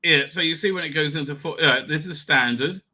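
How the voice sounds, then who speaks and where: A middle-aged man hosting a live stream, tipsy and rambling with many halting restarts. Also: fairly high pitch, heavy background noise.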